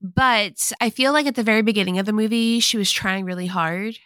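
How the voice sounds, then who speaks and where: A young woman co-hosts a casual podcast, and she talks in chatty, opinionated bursts. Her voice is bright and forceful, recorded dry and close with no room sound. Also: medium pitch, a little fast, no room sound. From Kentucky, United States. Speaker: podcast co-host. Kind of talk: casual chat.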